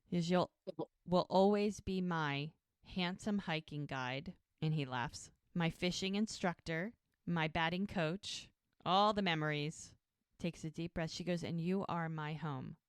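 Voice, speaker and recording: A woman's voice: fairly low pitch, measured pace, clear, resonant tone, dry recording, studio quality. A woman co-hosting a podcast, casually retelling a TV episode scene by scene, acting out the characters' lines and laughing often. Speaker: podcast co-host recapping a TV episode. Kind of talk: casual chat.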